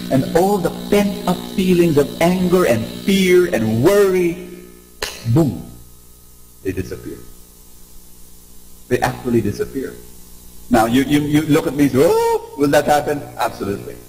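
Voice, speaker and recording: A man gives an inspirational talk to a live audience in a somewhat high voice. He is animated and keeps drawing the crowd in with questions and call-and-response. Music plays clearly behind him. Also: measured pace, long pauses, low-quality recording. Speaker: motivational speaker.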